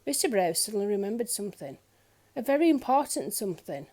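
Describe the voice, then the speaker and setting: A woman reading a children's picture book aloud in an expressive storyteller's manner. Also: medium pitch, quick pace. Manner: expressive, lilting.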